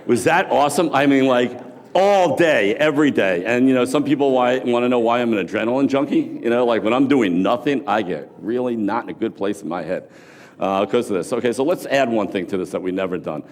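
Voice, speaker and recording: A middle-aged man giving a motivational speech, telling animated stories and shouting to rouse the audience. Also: medium pitch, a little fast. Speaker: motivational speaker. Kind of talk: keynote storytelling speech. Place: large hall with an audience. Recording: long hall reverb.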